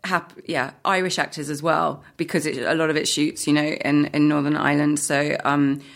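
A woman's voice: sits low, flat delivery, normal speed, gravelly. A woman, an actor, chatting in an interview, hesitant with many fillers and restarts, laughing often. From Britain. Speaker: actor guest. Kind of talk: casual interview chat.

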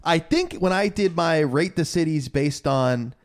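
Lively man co-hosting a sports podcast. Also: a little high. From Florida. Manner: animated, jokey, quick reactions. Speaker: podcast co-host. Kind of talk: casual sports chat.

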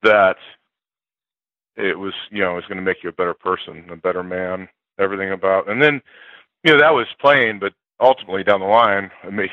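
Older man, low voice, animated storyteller, dry muffled sound. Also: no room sound. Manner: animated storyteller, acts out quotes loudly, laughs often. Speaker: former college football player, guest. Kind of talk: interview storytelling.

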